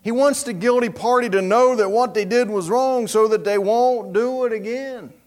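A man preaching a sermon, telling a story in an animated, dramatic way. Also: high-pitched, moderate pace.

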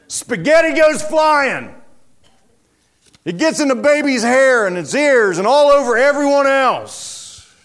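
Brief: male preacher, high voice, very lively storytelling. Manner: animated, dramatic storytelling. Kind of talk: sermon storytelling.

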